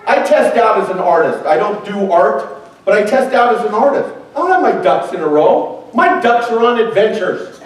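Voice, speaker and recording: A man's voice: high-pitched, expressive, normal speed. A male pastor preaching a sermon in a church hall, talking in a joking, conversational way and acting out quoted voices. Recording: very echoey hall from far off, faint noise.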